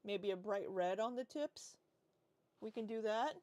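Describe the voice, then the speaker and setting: Woman in her forties, slow unhurried talk, dry close sound, casual livestream chat, rambling. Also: medium pitch, a little mellow, dry recording. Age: 40s. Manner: rambling, reads chat aloud and answers. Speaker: livestream host.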